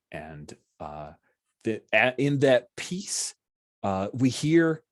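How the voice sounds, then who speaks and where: A man narrating as game master in a relaxed, hesitant way with many fillers. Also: on the low side, dry recording, clean studio sound.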